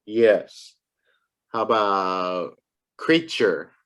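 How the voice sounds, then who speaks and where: A woman tutoring English one-on-one, patiently drilling words and repeating them clearly for a child. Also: very deep voice, animated, drawn-out words. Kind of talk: one-on-one pronunciation lesson.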